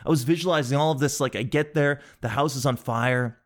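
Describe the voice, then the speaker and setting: Animated man telling a comic story. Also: mid-range voice, a little fast. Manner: animated, swears, acts out other people's voices. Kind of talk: comedic storytelling monologue.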